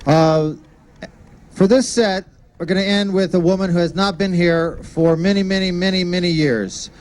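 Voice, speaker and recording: A man emcees a comedy show from a stage microphone. He rambles through the introduction and stops often on fillers. His voice sits a little high. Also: steady tone, moderate pace, darkish tone. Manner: rambling, hesitant with many fillers.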